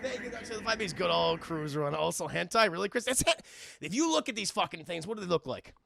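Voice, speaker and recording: A young man excitedly recapping a film for his live chat, swearing and addressing the chat constantly. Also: high-pitched, fast, vocal fry. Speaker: streamer reviewing a film.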